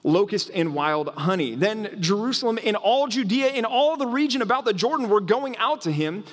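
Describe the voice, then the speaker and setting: High-voiced man preaching in a reverberant hall. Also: normal speed. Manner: animated, acts out quoted voices, frequent restarts. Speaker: pastor. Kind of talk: sermon.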